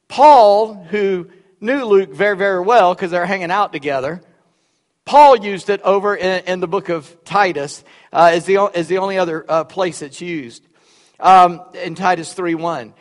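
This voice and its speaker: A preacher with a notably high voice speaks in a folksy, halting way, doubling back on his words as he tells his story. His voice rings out with a long reverb from the church sanctuary around him. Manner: folksy, repeats words, drawls. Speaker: pastor. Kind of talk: sermon with personal story.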